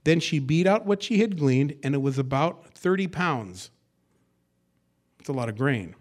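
A man preaching an expository sermon, moving between hushed, conversational asides and loud, emphatic verse reading, with folksy acted-out quotes. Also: fairly high pitch, animated, unhurried. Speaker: pastor.

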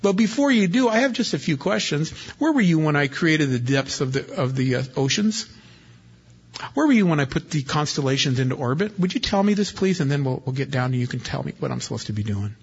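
A man's voice: medium pitch, very fast, creaky, hardly any pauses, a little mellow, husky. A man voicing God as a sarcastic, all-powerful figure firing off mocking questions. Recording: dull lo-fi recording.

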